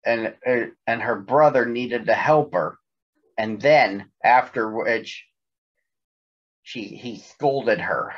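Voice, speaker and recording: Slow-talking man hosting storytime. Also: mid-range voice, husky, dull audio. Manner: chatty, a few slips and restarts. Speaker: host reading picture books. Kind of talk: friendly virtual storytime.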